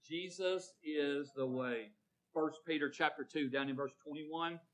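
Man preaching, bright forceful tone, fairly high voice, asks for amens, swings from loud to hushed. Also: a little slow, poor audio. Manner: calls on congregation members by name, asks for amens; swells loud on emphasis, drops to near murmur. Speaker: pastor. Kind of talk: sermon.

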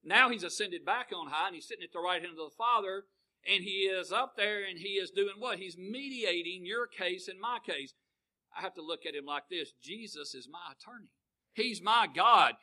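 Older preacher with a bright, high voice. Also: male voice, rough recording. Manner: folksy, call-and-response with the congregation, swings between booming and hushed. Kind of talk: sermon.

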